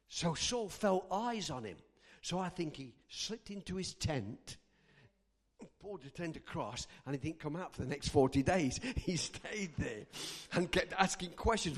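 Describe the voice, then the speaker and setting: A man's voice: fairly high pitch, unhurried, slightly rough. A man preaching a sermon, telling a story and acting out the characters' lines. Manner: animated, acts out characters' lines. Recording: long hall reverb.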